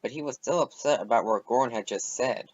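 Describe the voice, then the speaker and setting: A man's voice: medium pitch, a little fast, lo-fi sound. Man narrating a storybook. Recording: music behind the voice.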